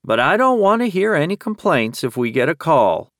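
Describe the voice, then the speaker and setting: A man's voice: on the high side, very animated, normal speed, fairly bright tone, no echo, clean studio sound, pitched above the performer's own voice. A man voicing a brusque middle-aged female sheriff who growls orders impatiently. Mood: gruff.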